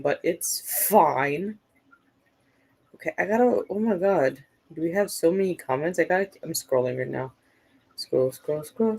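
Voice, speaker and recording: Chatty woman with a lowish voice. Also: darkish tone. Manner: chatty, reads viewer comments aloud, frequent "like" and "um" fillers. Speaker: livestream host. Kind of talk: casual livestream chat. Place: at home at her computer.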